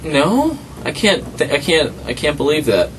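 A man's voice: fairly high pitch, sing-song, moderate pace, a little hiss or hum. A young man in a police interrogation, insistently denying and pleading, heard from a distant room mic. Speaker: interrogation subject.

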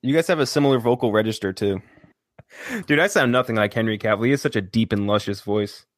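A man's voice: lowish voice, fast, dry recording, clean studio sound. A man co-hosting a casual movie podcast, loose and joking as he rattles off casting picks. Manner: joking, loose, trails off with fillers. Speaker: podcast co-host.

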